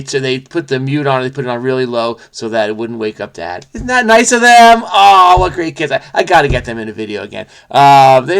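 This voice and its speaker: A middle-aged man thinking aloud as he solves a crossword, animated and jokey, with sudden bursts of song and sound effects. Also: on the high side. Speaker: host solving crosswords. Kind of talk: casual think-aloud commentary.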